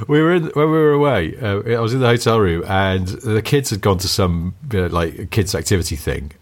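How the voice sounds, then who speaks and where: A man's voice: on the low side, expressive, a little fast. A middle-aged man from North West England co-hosting a podcast in casual, teasing chat, laughing often. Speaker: podcast co-host.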